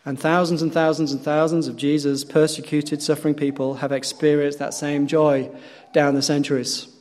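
A male pastor preaching a sermon, telling stories earnestly and swinging between loud emphatic peaks and quiet low passages. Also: level tone, moderate pace. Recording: long hall reverb.

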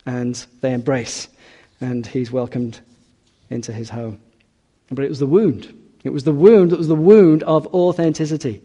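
Male preacher, sermon; mellow tone, emphatic, slows for weight. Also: medium pitch. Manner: earnest, emphatic, slows and drops on key words.

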